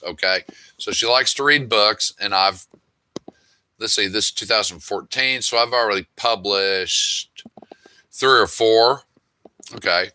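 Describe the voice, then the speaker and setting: A man's voice: on the low side, a little slow, pauses often, bright, forceful tone, no room sound. A middle-aged man in a casual monologue, reading emails aloud with wry, exasperated asides. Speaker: author.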